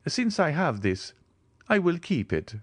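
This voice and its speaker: A man voicing a wealthy, self-assured nobleman who speaks crisply and offhandedly. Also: fairly high pitch, very animated, measured pace, dry recording, pitched above the performer's own voice, full character voice. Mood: cool, assured. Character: rich, cool, commanding nobleman, adult man.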